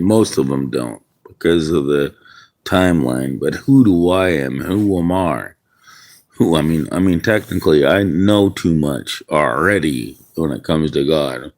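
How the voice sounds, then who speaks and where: Slow, deep-voiced man rambling. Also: lively intonation. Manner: rambling, musing aloud. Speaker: livestreamer. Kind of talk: casual livestream chat. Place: outdoors in the wind.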